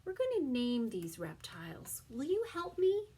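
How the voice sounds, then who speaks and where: A woman teaching a toddler circle-time lesson, drawing out words slowly and often dropping into a soft whisper. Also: high-pitched, huge pitch swings, husky. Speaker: preschool teacher.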